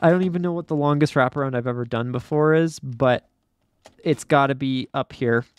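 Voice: medium pitch, fairly quick, clear, resonant tone. A young adult gamer giving casual let's play commentary, dramatically exasperated and often laughing at their own struggles. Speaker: gamer playing an obstacle course game.

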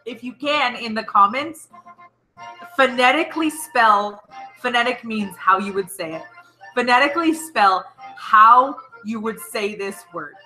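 A woman's voice: fairly high pitch, measured pace, pushed and bright, faint music behind, rough recording. A woman co-hosting a casual drinking show, chatty and laughing, teaching words in a teacherly way. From Ireland. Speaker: co-host.

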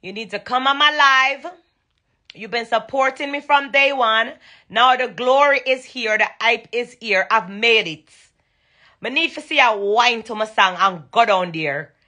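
A young woman with a Jamaican accent talks to her fans over a phone live stream from her bedroom at night. Her voice sits a little high and sounds bright and forceful. She stresses each point by saying it again and again and slips freely into patois. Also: a little slow. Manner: emphatic, repetitive, switches into patois. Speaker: dancehall singer thanking fans on a live stream. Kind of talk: casual live-stream chat.

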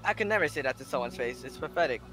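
A man's voice: mid-range voice, animated, very fast, pushed and bright, soft background music, pitched below the performer's own voice. A man voicing a shy, awkward bookish teenage girl, reading her lines with hesitation from a visual novel. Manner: hesitant, self-critical reading.

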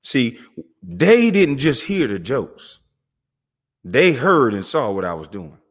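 A man's voice: medium pitch, sing-song, slow. A man hosting his own channel, delivering a heated, confrontational monologue in street slang. He mocks listeners and repeats himself as he calls them out. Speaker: channel host.

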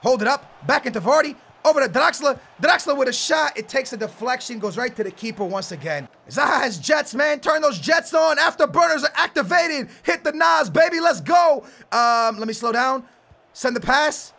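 A young man commentating his own football video game, muttering plans quietly, then shouting in outbursts. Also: very high-pitched, lively intonation, moderate pace, creaky, few pauses. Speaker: gaming YouTuber. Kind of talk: excited gameplay commentary.

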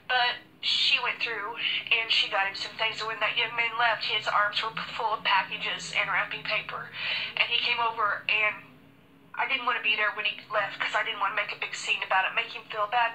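A woman's voice: fairly high pitch, bright, forceful tone, a little hiss or hum, rough recording. A woman earnestly recounting a personal story and quoting each exchange with "I said" and "he said". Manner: earnest, quoting dialogue with frequent "I said". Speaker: store worker telling a story.

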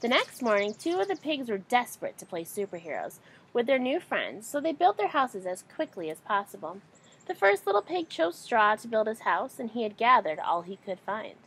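A woman reading a children's story aloud, animated and expressive. Her fairly high voice rises and falls a great deal as she tells it. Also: moderate pace, slightly rough, rough recording. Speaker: storybook reader.

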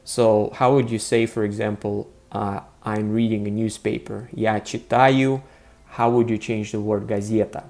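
A man's voice: lowish voice, level tone, normal speed, creaky, hardly any pauses, mellow. A man teaching a grammar lesson to viewers, chatty and full of "right?" and "uh" fillers. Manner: friendly, frequent "right?" and "uh" fillers. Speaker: Russian language teacher.

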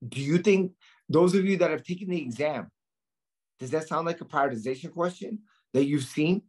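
A man's voice: on the high side, normal speed, darkish tone, breathy edge. A man tutoring nursing students, drilling them in a lecture style with questions he asks and answers himself.

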